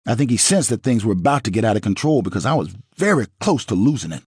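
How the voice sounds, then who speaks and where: Brief: low husky male narrator, lively pitch, close dry sound, profane storytelling. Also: racing, no echo. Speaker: audiobook narrator. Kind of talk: first-person book reading.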